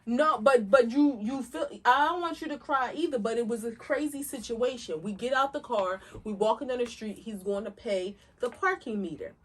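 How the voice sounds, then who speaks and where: A woman co-hosting a podcast, telling a story in an animated, emphatic way and speaking straight to listeners. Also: a little high, normal speed, few pauses, recorded from a distance. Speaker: podcast co-host. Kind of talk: casual storytelling chat.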